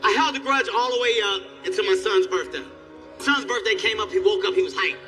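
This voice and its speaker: A man doing profane, animated stand-up storytelling on stage, jumping into squealing character voices. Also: sits high, a little fast, soft background music. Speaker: stand-up comedian. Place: comedy stage.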